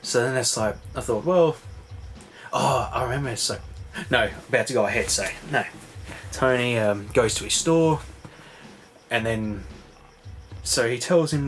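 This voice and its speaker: A man's voice: medium pitch, unhurried, long pauses, a little hiss or hum. A man rambling through a casual recap, full of fillers and swearing. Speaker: vlogger. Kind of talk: casual late-night recap chat.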